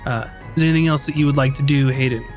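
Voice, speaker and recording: A man narrating as game master in a tabletop game, in a relaxed, chatty way with many fillers. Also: medium pitch, rapid-fire, soft background music.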